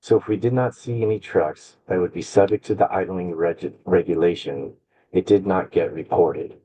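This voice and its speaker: A man from an agency giving a slide presentation at a public meeting over a video call, speaking haltingly with restarts. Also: low-pitched, warm tone, slightly rough, low-quality recording. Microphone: computer mic on a video call.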